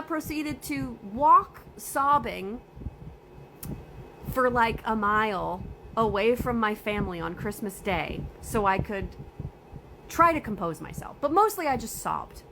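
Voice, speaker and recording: A woman's voice: mid-range voice, a little hiss or hum, low-quality recording. A young adult woman telling a personal story casually, emotional and upset while she holds back tears. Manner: emotional, upset, swings between loud and quiet.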